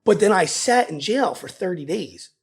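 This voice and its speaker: A man in his thirties with a Philadelphia accent, telling his story in a casual interview, animated and loose, saying "dude" a lot. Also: high-pitched, moderate pace. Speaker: guest.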